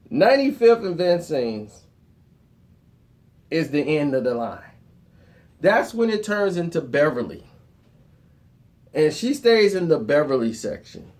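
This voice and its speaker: A man telling a funny personal story in a casual, animated way, laughing often. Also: medium pitch. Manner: animated, laughs often, acts out others' lines.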